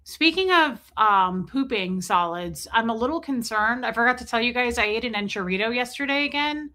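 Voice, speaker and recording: Woman hosting a live stream, reads off chat names, jokey and chatty, bright kinda high voice. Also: expressive, moderate pace. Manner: chatty and joking, reading out viewer names. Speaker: livestream host. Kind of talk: casual livestream chat greeting viewers.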